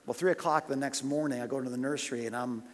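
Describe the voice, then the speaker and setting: A man preaching a sermon, swinging between loud, urgent questions and hushed, personal storytelling. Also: medium pitch, steady tone, racing. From United States. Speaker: pastor. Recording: long hall reverb.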